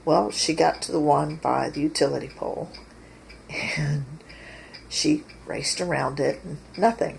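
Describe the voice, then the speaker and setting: A woman casually telling an amused, unhurried anecdote outdoors by her porch while she films herself. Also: sits low, vocal fry, slight background noise, poor audio. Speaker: vlogger. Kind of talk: casual storytelling.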